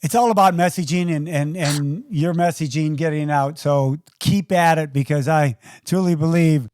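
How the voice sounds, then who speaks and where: Male podcast host, conversational and unhurried, slightly high voice, dry close recording. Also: darkish tone, no room sound. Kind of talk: interview hosting.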